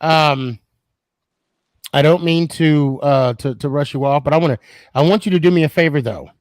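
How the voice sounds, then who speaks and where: A man's voice: a little high, moderate pace, no echo. A man hosting a live podcast stream, chatting casually and laughing easily. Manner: laughs easily, friendly banter. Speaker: podcast host.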